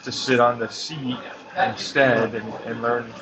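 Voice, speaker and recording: A man's voice: mid-range voice, measured pace, over a noisy crowd. A young man arguing animatedly with his parents over dinner, pleading and restarting his sentences. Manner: animated, pleading, with many restarts and mock-quotes. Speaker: son talking with his parents. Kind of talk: casual family argument. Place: busy restaurant. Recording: muffled recording in a loud crowded restaurant.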